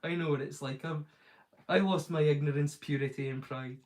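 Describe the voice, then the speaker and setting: A man hosting his own stream in a casual, wandering chat. His voice sits a little high, and he talks loosely, padding sentences with "like" and restarting often. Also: steady tone, moderate pace, rough recording. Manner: rambling, loose, lots of "like" fillers and restarts. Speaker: streamer, host.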